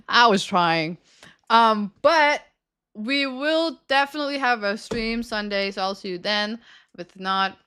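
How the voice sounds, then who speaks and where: A woman's voice: mid-range voice, fairly bright tone, clear, resonant tone. A young woman livestreaming a game, chatting playfully with her viewers and laughing often. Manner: giggly, playful, talks to chat. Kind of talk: casual game stream chat.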